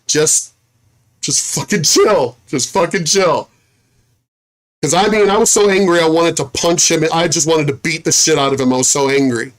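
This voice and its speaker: A veteran's casual storytelling rant, blunt and full of swearing, with the pitch sitting in a middle range. The speaker retells conversations line by line and trips over and repeats words when heated. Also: fairly even intonation, brisk, few pauses. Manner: restarts and repeats phrases when worked up. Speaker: military veteran telling a personal story.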